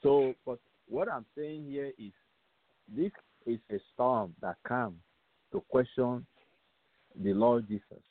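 A man's voice: medium pitch, slow, long pauses, no echo. Guy preaching on radio over a phone line, tinny and dry, keeps repeating himself, lots of rhetorical questions. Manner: emphatic, repetitive, asks rhetorical questions. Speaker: radio show host. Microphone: phone call-in line.

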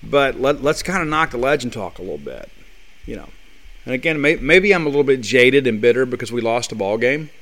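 A man's voice: medium pitch, big pitch swings, fairly quick, a bit bright. A man hosting a sports talk show, delivering a blunt, fired-up monologue full of rhetorical questions.

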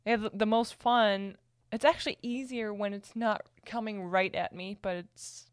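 A woman's voice: medium pitch, steady tone, normal speed, clean tone, no echo, clean studio sound. A woman co-hosting a podcast in casual chat, playful and teasing. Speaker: podcast co-host.

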